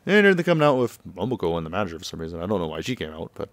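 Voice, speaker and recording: A man's voice: low-pitched, sing-song, rapid-fire, a little hiss or hum. A man casually recapping a video game, chuckling often and loosely paraphrasing the dialogue. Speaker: gameplay commentator. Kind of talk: casual let's-play recap.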